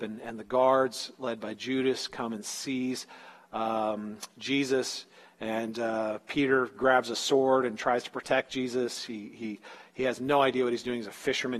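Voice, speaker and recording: A man's voice: mid-range voice, in a large hall. A man preaching a sermon in a casual storytelling way, acting out the quotes in everyday slang. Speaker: pastor.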